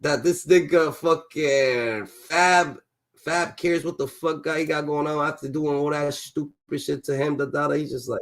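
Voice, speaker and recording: A man hosting a casual reaction commentary, loud and profane, riffing on a clip with repeated filler phrases. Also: on the high side, steady tone, a little slow. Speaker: commentary host.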